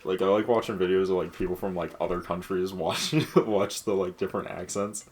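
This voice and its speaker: A man's voice: sits low, steady tone, a little fast. A young man from Massachusetts with a light Boston accent, chatting casually and laughing over a video game. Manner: rambling, laughing, swears freely. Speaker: game streamer. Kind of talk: casual chat over gameplay.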